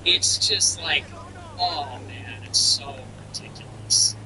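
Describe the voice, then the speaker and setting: A man's voice: a little high, slow, background noise. A man hosting a livestream, chatting casually and ranting bluntly with frequent profanity. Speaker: livestream host.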